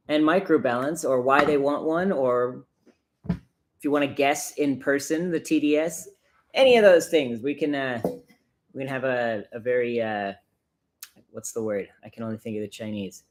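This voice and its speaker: Man, livestream host, casual and chatty, laughs easily, mid pitch. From United States. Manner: chatty, self-deprecating, laughs often. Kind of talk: casual livestream chat while brewing coffee.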